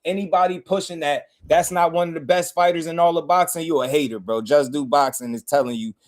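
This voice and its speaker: A man's voice: on the high side, fairly even intonation, fast talker, few pauses. A man hosting a boxing channel, ranting in casual commentary with heated, profane emphasis.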